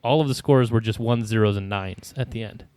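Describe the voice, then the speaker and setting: A man's voice: lowish voice, brisk, darkish tone. A man hosting a trivia game on a podcast, reading clues aloud and laughing often. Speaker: quiz host.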